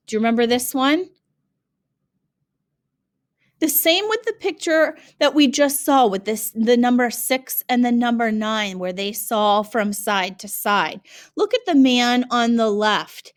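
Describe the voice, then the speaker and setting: A woman teacher giving a lesson, speaking clearly and patiently and asking her students questions. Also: a little high, animated, unhurried. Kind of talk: classroom lesson narration.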